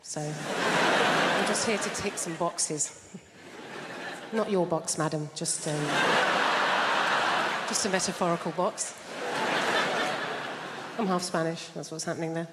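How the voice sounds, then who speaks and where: A woman's voice: fairly low pitch, slow pace, pauses often, heavy background noise. An English woman doing stand-up with a dry, self-deprecating delivery, performing in a large theatre. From England. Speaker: stand-up comedian. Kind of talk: stand-up routine. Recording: reverberant hall with loud audience.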